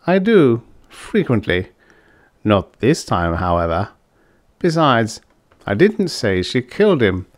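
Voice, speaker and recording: A man voicing a fat, jovial, scheming crime boss with a suave, pompous, unhurried manner in a science fiction audiobook. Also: mid-range voice, sing-song, no room sound, studio quality.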